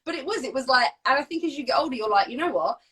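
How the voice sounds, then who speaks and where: A woman's voice: high voice, lively intonation, very fast, a bit bright, husky. A young woman coach chatting on a live stream, blunt and frank, swearing freely and laughing often. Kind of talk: casual chat. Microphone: phone, live stream.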